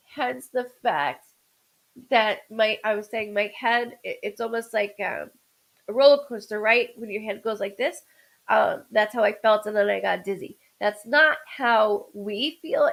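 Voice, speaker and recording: A woman's voice: a little high, vocal fry, rough recording. A woman doing a live-streamed psychic reading as a medium, rambling with stammered restarts and greeting viewers by name.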